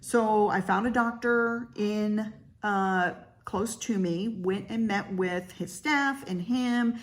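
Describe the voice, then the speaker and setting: A woman in her fifties speaks straight to the camera in a casual personal vlog. She is chatty and candid and sprinkles her talk with fillers. Her voice sits at a middle pitch. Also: takes it slowly. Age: 50s. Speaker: vlogger; realtor.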